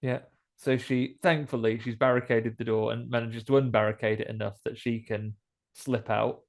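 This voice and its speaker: Brit guy on a horror podcast, chatty, jokes around, normal pitch. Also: little pitch movement, normal speed, creaky. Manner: chatty, jokey, acts out quoted lines. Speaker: podcast co-host. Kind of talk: casual film recap chat.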